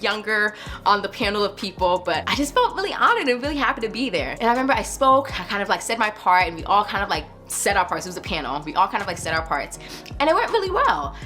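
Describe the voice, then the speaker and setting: A young woman vlogger telling a personal story in a casual, animated way, filling her talk with "like" and "you know" and acting out what others said in a higher voice. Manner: animated, acts out quotes in a higher voice; casual, many likes and you knows. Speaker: YouTube creator.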